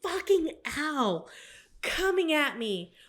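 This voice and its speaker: A woman's voice: high voice, sing-song, slow pace, fairly bright tone. A woman co-hosting a podcast, telling a story in casual chat, swearing freely and quoting herself in a jumped-up voice. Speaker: podcast co-host.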